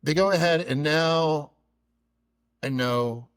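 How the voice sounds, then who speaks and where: A man's voice: a little high, takes it slowly, clear, resonant tone, no echo. A middle-aged man hosting a podcast, telling a funny personal story and acting out the dialogue. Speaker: podcast host.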